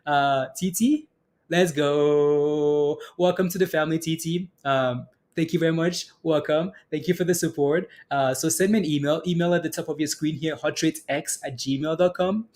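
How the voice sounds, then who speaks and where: A man's voice: on the high side, fairly even intonation, moderate pace, darkish tone. A man hosting a stock day-trading livestream, casually commenting on prices and hyping up his viewers.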